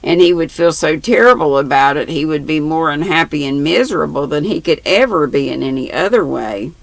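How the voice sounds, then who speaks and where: A grandmother voicing an earnest, shy and blunt little boy who talks gravely in a storybook reading. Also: low-pitched, lively intonation, a little fast, no echo, full character voice.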